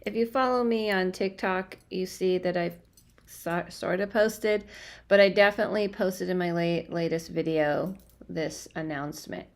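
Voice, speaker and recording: A woman's voice: fairly low pitch, moderate pace. A young woman working as a spiritual medium, chatting casually on a livestream from home, scattered and full of fillers and restarts. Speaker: medium doing live readings. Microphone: phone or webcam livestream.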